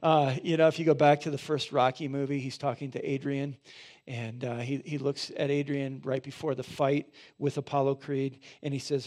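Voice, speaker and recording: A man preaching a sermon in a conversational way, often checking in with listeners and swelling louder on emphatic points. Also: mid-range voice, flat delivery, normal speed. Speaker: pastor.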